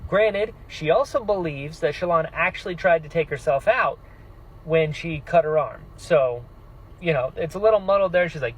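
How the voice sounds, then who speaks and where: A man excitedly talking through his reactions to a fantasy novel in a casual vlog, jumping into quick put-on voices for characters. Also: fairly high pitch, breathy edge, muffled recording. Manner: excitable, animated, mock-voicing characters. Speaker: book vlogger.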